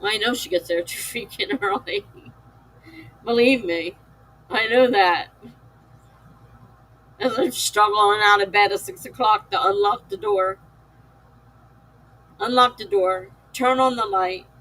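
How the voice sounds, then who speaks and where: With a medium pitch, lively intonation and a fairly bright tone, this American woman comes through on a low-quality recording. Sounding tired, she talks slowly and casually with her stream viewers, reading chat and laughing often.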